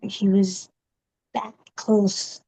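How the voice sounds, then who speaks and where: A woman giving a personal testimony in an interview, speaking haltingly with many pauses and fillers. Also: mid-range voice, level tone, warm tone. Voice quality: gravelly. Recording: dull, muffled recording.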